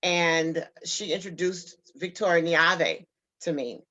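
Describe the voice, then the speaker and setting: Bright-voiced woman telling her story. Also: fairly low pitch, slow, muffled recording. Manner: earnest, heartfelt storytelling. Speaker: guest. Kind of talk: personal story in an interview.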